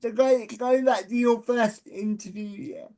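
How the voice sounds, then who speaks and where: A male podcast host with a high voice and a mellow, soft tone. He stammers and repeats his words as he asks questions in a casual chat. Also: steady tone, unhurried.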